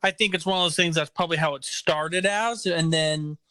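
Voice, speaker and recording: A man hosting a casual music podcast, enthusiastic and explaining songs with quick quoted asides. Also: on the high side, fairly even intonation, sharp tone, smooth, no room sound. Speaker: podcast host.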